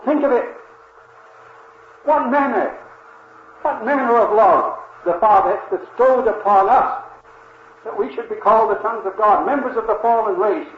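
An older man preaching a sermon in an earnest, reverent manner, speaking slowly and often pausing with "uh" to address his listeners as dear friends. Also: high-pitched. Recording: dull roomy old recording with faint hiss.

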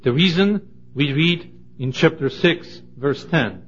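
Guy teaching bible study, slightly high voice, slow careful reading, muffled lo-fi audio. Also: expressive, fairly bright tone, slightly rough. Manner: measured, deliberate reading with emphasis. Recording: dull lo-fi recording.

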